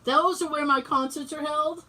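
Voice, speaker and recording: A woman's voice: high voice, fairly even intonation, moderate pace, sharp tone. A woman co-hosting a podcast, telling a story in casual chat, acting out quoted dialogue and swearing freely. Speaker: podcast co-host. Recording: voice distant from the mic.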